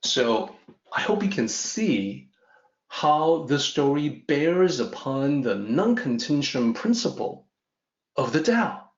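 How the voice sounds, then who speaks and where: A man teaching a lesson through a story in a measured, explanatory way. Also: a little high, big pitch swings. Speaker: Tao teacher. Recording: roomy, dull lo-fi audio.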